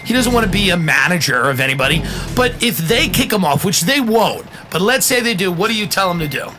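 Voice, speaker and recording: A man hosting a casual podcast chat, animated, joking and profane, firing off questions. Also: high voice, fairly quick, over music. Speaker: podcast host.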